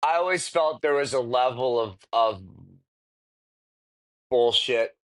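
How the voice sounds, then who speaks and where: A man's voice: mid-range voice, takes it slowly, no room sound. A man co-hosting a podcast in casual chat, joking and rambling with frequent swearing. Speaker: podcast co-host.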